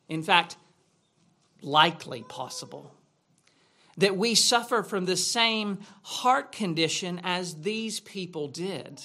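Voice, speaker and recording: A man's voice: high voice, sharp tone. A man preaching a sermon in a church, asking rhetorical questions in a conversational way. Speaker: pastor.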